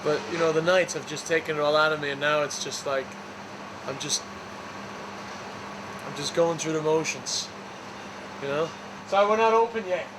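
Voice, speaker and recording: A man's voice: on the high side, normal speed, pauses often, background noise. A man chatting casually and candidly for a documentary, joking at times. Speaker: documentary participant. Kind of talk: casual chat.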